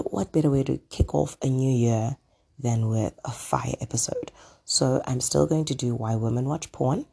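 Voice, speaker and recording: A podcast host chatting casually on their own, hoarse from a throat illness, rambling with lots of ums and asides. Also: mid-range voice, warm tone. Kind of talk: casual solo podcast chat. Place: at home.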